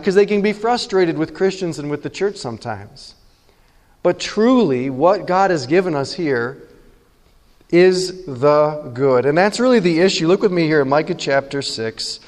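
A male pastor preaching a sermon in a conversational, animated way, joking with his congregation. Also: a little high, in a large hall.

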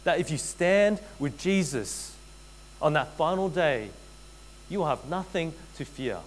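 A man preaching a sermon, earnest and direct, addressing his listeners as friends and repeating key phrases, often dropping to a hushed intensity. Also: a little high, expressive, a little slow, low-quality recording. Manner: addresses listeners as friends, frequent tag questions. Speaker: pastor.

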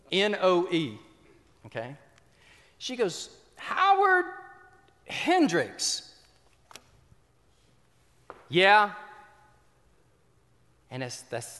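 A man preaching a sermon, telling a story with repeated words and questions to the congregation. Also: a little high. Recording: reverberant hall.

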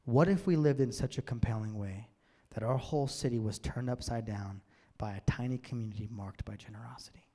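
A man preaching a sermon as a pastor in a church, swinging from loud emphatic bursts to near-whispers. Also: medium pitch, a little fast. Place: church sanctuary. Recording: long church-hall reverb.

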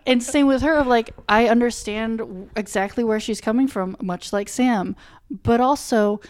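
A woman with a slightly high voice co-hosts a casual conversation about a TV show. She talks bluntly and animatedly, with the odd swear word. She laughs easily as she goes. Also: moderate pace, darkish tone, smooth. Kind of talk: casual chat reviewing a TV show.

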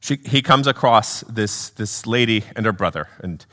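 A man's voice: on the low side, lively intonation, normal speed, sharp tone. A man giving an earnest sermon, asking questions and restarting phrases as he goes. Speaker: preacher.

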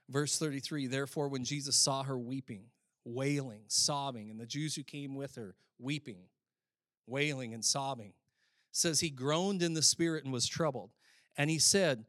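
A male pastor preaching a sermon in a conversational way, often saying "like", swinging between loud, emphatic stretches and quiet, reflective ones. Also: medium pitch, no room sound, clean studio sound. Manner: frequent filler "like".

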